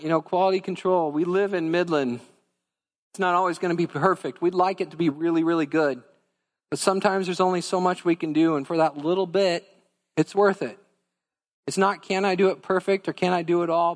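A man's voice: sits high, in a large hall. A man preaching a sermon as pastor, earnest and conversational, speaking directly to his congregation. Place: church sanctuary.

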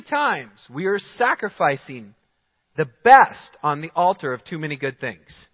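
A man preaching in a big church sanctuary, his fairly high voice ringing with a long echo around the room. He speaks slowly and deliberately, pressing his points with short, punchy commands. The sound is a little dull and muffled. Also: very animated. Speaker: pastor. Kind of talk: sermon. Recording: dull sound in a large hall with long reverb.

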